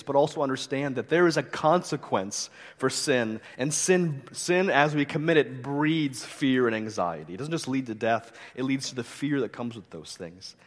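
A middle-aged man preaches a sermon at an ordinary pitch, earnest and conversational, blending scripture with light humor. His voice rings out with the long reverb of a large hall. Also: normal speed. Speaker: pastor.

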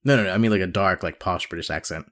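A man's voice: sits low, very fast, a bit bright. A man co-hosting a podcast in casual chat, joking and rambling with fillers. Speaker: podcast co-host.

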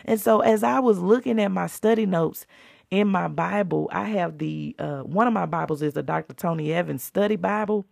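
A woman hosts a faith podcast in a fervent, preacherly, down-to-earth style. Her voice sits low with a gravelly edge, and the sound is close and dry. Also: moderate pace, darkish tone, no room sound. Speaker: podcast host.

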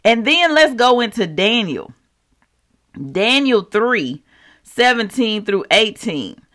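A preacher teaching scripture in a casual, animated way, reading verses and turning to the listeners with quick asides. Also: medium pitch. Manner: animated, talks straight to the audience with asides; slangy and conversational while quoting scripture. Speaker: Bible teacher.

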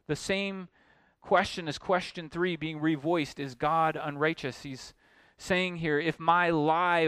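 A male preacher with a smooth, resonant voice pitched a little high, recorded close and dry. He works through his text with emphatic, building delivery. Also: no echo. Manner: emphatic, rising to forceful exclamations. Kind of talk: expository sermon.

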